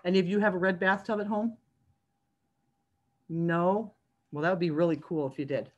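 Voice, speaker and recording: A children's librarian reading a picture book aloud to young children over a video call, sing-song and animated, stopping to ask the kids questions. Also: female voice, lowish voice, normal speed, dull audio.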